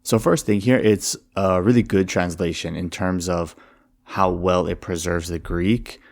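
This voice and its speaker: A man's voice: low-pitched, steady tone, a little slow, vocal fry. A man giving an explanatory lecture on classical verse, reading lines aloud and tapping out the meter syllable by syllable.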